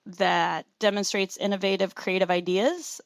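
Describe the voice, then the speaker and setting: A woman speaking as a guest expert on a podcast, explaining her points in an earnest, orderly way. Her voice sits at a middling pitch. The sound is dry and close. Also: fairly even intonation, moderate pace, no room sound. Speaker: teaches students. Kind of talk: podcast interview answer.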